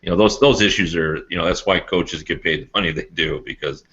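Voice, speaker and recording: A man talking in a casual podcast chat, halting and filling with "you know". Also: deep voice, a bit bright. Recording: dull lo-fi podcast audio.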